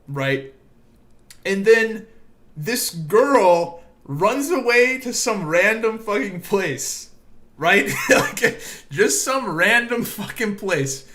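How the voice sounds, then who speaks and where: A man's voice: high voice, expressive, slow, pushed and bright. A young man hosting a podcast, telling a story in casual chat with frequent laughter and swearing. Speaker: podcast host.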